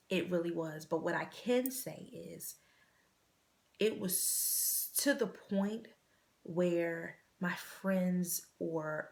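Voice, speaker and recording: A woman in her thirties with a low, gravelly voice tells her own story on a vlog. She speaks earnestly and haltingly, often repeating a phrase before finding the next words. At times her voice sinks to a near-whisper. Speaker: vlog host. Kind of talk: personal storytelling.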